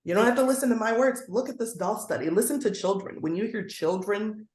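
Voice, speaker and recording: A woman's voice: medium pitch, animated, a little fast, a little mellow. A woman guest educator speaking earnestly in a conversational interview, now and then acting out the voices she quotes. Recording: roomy echoey sound.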